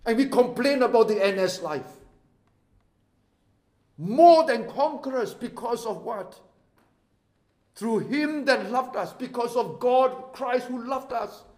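Impassioned Singaporean pastor, high voice. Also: male voice, animated, slow pace, long pauses, roomy sound. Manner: impassioned, swinging from hushed to loud. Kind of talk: sermon. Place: church sanctuary.

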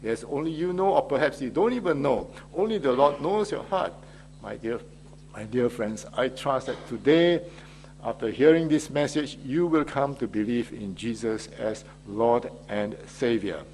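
A man preaching a Father's Day sermon as pastor, in a measured delivery with frequent hesitations. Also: mid-range voice, lively intonation, darkish tone, slight background noise.

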